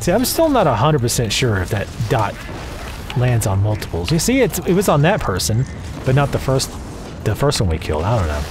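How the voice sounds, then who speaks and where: With wildly swooping pitch from a medium-pitched voice, this Southern man talks fairly quickly over music. His casual let's play commentary, recorded on a home desk mic, is sarcastic and profane, with plenty of rambling asides.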